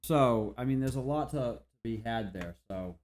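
Male co-host, relaxed film talk, thinks out loud in restarts. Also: medium pitch, measured pace. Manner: thinks aloud, restarts sentences. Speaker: podcast co-host. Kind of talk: casual movie discussion.

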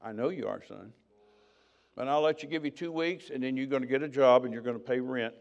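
A man's voice: mid-range voice, a little fast, creaky, highs cut off, lightly acted. A stern mother, as a preacher quotes her. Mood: firm. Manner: firm, quiet, listing rules. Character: stern mother laying down house rules.

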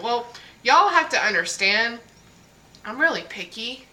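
A woman's voice: fairly high pitch, animated, unhurried, bright, forceful tone, low-quality recording. A young adult woman in casual chat as a co-host, candid and self-deprecating about her tastes.

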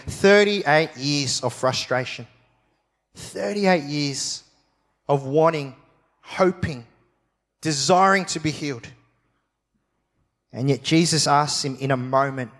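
A man giving a sermon, telling the story with animated emphasis, jokey asides and repeated phrases. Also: a little high, slow, long pauses, long reverb tail. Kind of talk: sermon teaching.

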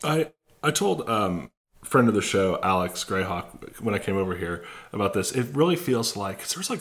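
A man co-hosting a casual movie podcast, joking and telling scenes in an animated way. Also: fairly low pitch. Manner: joking, animated storytelling with laughs. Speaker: podcast co-host.

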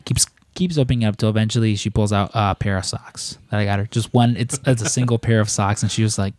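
Young male podcast host, casual and foul-mouthed, rambling anecdotes, slightly low pitch. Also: quick pace, a little mellow, no room sound. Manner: rambling storyteller, swears freely. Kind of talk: casual chat.

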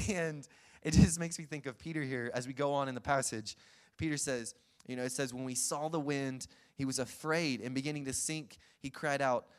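A man preaching a sermon, retelling scenes in a lively, chuckling way. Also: medium pitch, moderate pace, smooth. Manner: lively storytelling, acts out scenes, chuckles often.

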